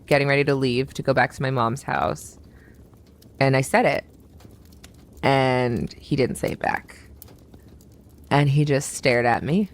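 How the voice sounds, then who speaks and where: A woman in her thirties, a podcast guest, telling a story in a giggly, animated way. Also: rumbling low, unhurried, long pauses. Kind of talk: casual interview storytelling.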